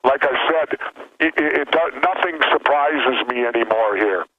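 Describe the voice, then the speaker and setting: A man's voice: medium pitch, normal speed. A male guest calling in to a radio interview over the telephone, speaking in a blunt, plainspoken way. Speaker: guest, former politician. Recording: dull phone line with interference.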